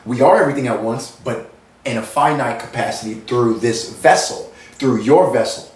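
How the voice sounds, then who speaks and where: A man of middle pitch, from the United States, talking in a meandering, earnest spiritual monologue. He repeats himself and circles back. The sound is roomy and picked up from some distance. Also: normal speed. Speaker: spiritual channel host.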